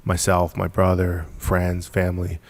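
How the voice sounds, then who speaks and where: A man with a low-pitched voice and a completely flat delivery speaks at a measured pace, with no room sound, as a podcast guest telling how his business began. Even so, the casual story comes across as emphatic and repetitive, with frequent laughs.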